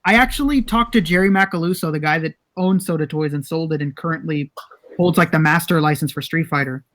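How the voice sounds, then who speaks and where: A man's voice: on the high side, brisk, a bit bright. Rambling, swearing young man storyteller. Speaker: podcast co-host. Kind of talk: casual podcast chat.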